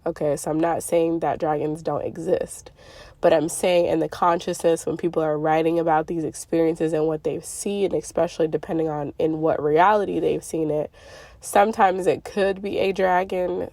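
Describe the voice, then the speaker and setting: Woman, congested, low voice, rambling with lots of fillers, dry close sound. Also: creaky, a little mellow, no room sound. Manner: rambling, filler-heavy, stretches words slowly. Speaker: spiritual YouTuber. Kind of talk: casual monologue. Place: Arizona.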